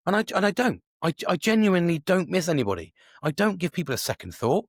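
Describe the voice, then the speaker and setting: Sweary, animated man in his forties. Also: high voice, fast talker, gravelly, slightly rough, dry recording, studio quality. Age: 40s. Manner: rambling, swears often, many restarts. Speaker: podcast host. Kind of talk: casual solo monologue.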